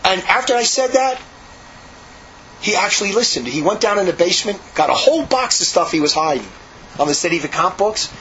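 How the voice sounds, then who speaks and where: A man with a high voice rushes through a rambling story, repeating himself and restarting sentences as he goes. He talks like a monk remembering life at his monastery. The recording is slightly muffled, with a faint hum behind him. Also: expressive, pushed and bright. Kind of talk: casual storytelling.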